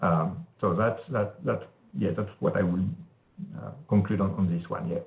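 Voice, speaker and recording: A man with a French accent, a weed scientist answering questions in a webinar, speaking haltingly with many restarts. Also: deep voice, fairly even intonation, gravelly. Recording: tinny phone-like webinar audio.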